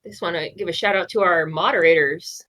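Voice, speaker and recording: A woman's voice: lowish voice, fairly quick, fairly bright tone. A woman co-hosting a casual livestream, laughing often as she cheers on the chat and thanks the moderators. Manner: giggly, encouraging. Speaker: livestream co-host. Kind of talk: casual live-stream chat.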